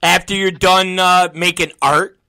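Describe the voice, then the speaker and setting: A man's voice: high voice, unhurried, clean tone, no echo. A man hosting a podcast, telling stories in casual, profane chat. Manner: animated, profane storytelling. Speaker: podcast host.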